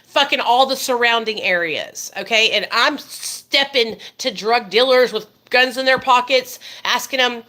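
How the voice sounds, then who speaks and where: A woman's voice: fairly high pitch, measured pace, few pauses, bright, forceful tone. A woman, telling a story to her viewers in a profane, emphatic way. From Arkansas, USA. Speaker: vlogger. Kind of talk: casual storytime monologue.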